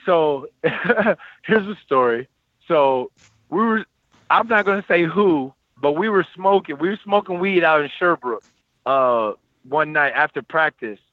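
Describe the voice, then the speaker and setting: Man, thirties, animated storyteller, slightly high pitch, dry dull lo-fi sound. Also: a little slow, no echo. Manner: animated, quotes people in lively voices. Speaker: guest telling his story. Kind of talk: casual storytelling.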